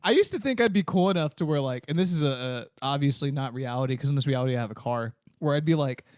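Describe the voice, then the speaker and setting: A man co-hosting a comedy podcast, an animated storyteller who acts out voices and jokes crudely. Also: medium pitch, fast talker, dry recording, clean studio sound. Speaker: podcast co-host. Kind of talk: casual comedy chat.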